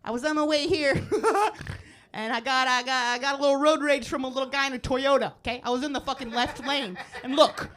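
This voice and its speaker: A woman doing a live stand-up set on a club stage, brash and profane, breaking into shouts and laughing at her own lines. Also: high voice, brisk. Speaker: stand-up comedian. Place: comedy club stage before a live audience.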